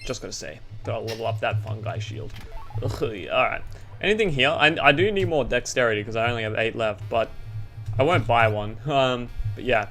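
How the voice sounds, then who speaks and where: Rambling young Australian gamer. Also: male voice, mid-range voice, animated, brisk, fairly bright tone, soft background music. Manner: rambling, goofy and self-deprecating. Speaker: gaming YouTuber. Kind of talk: gameplay commentary.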